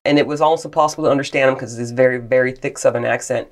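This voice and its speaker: A woman's voice: a bass voice, steady tone, racing. A woman co-hosting a podcast in casual chat, telling stories with animation, laughter and swearing. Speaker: podcast co-host. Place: closet in a cottage. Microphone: portable mic.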